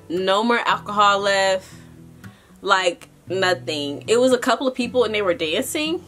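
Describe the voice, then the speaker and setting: A young adult woman vlogger telling a casual story, animated and chatty, talking straight to her viewers. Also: medium pitch, a little slow, faint music behind.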